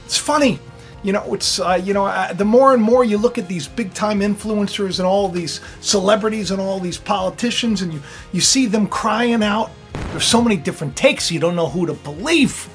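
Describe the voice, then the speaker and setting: A man hosting his own spiritual video channel. He talks in a loose, rambling monologue, full of fillers and restarts, and swings from low murmurs to loud outbursts. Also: normal speed, faint music behind.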